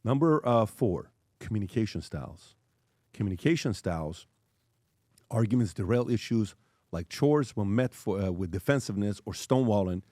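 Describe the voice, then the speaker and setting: A man's voice: fairly low pitch, expressive, normal speed, warm tone, no room sound, studio quality. A male host in casual chat, reading an article aloud with jokey asides and stumbles.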